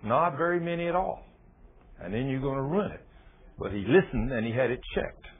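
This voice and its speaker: A man preaching a sermon, telling stories dramatically and swinging from loud exclamations to hushed, low lines. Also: animated, a little fast, breathy edge. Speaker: pastor. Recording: tinny phone-like sound.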